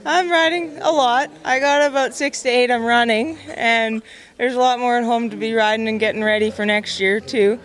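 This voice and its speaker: Young female horse trainer, emotional, modest, halting answers, slightly high voice. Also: flat delivery, fairly bright tone. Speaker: barrel racer and horse trainer. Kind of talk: casual interview answers.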